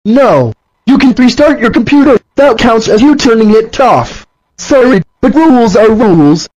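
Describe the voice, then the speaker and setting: A man's voice: lively intonation, moderate pace, a little mellow. A man voicing a bossy purple dinosaur who scolds and threatens, in a fan-made cartoon with dull, lo-fi sound. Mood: furious. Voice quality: very high-pitched. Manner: scolding, threatening, repeating rules. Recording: dull lo-fi audio.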